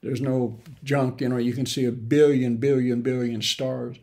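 A man preaching a sermon in an earnest way, with sudden emphatic rises and halting restarts. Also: mid-range voice, little pitch movement, dark tone. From grew up in the mountains.

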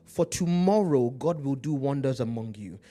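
A man with an African accent preaching a sermon, slowing down to read scripture aloud and calling out to his congregation. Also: mid-range voice, animated, dark tone. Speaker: pastor.

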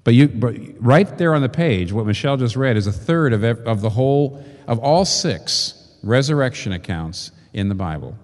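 A man preaching a sermon, working through rhetorical questions and slow, emphatic repetitions. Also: mid-range voice, expressive, darkish tone. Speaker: pastor. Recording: long reverb of a large hall.

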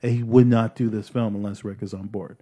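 A man's voice: fairly low pitch, steady tone, a little fast, warm tone, husky. A man co-hosting a casual podcast chat, talking in a rambling, hesitant way with many fillers. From Canada. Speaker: podcast co-host.

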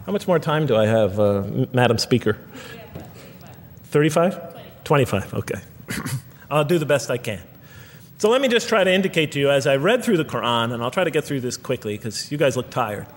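A man's voice: medium pitch, sing-song, normal speed, slight background noise. A man giving a public lecture, earnest and rhetorical, counting off points one by one. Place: lecture hall. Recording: lecture hall with long reverb.

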